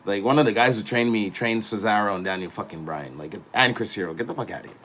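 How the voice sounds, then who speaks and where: Middle-aged guy ranting live, bright edgy voice, cussing nonstop, mumbles then blows up loud. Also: fairly low pitch, fast talker, slight background noise. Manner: animated, swears constantly, swings between mutters and loud outbursts. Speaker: podcast host, wrestler. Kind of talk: profane casual rant.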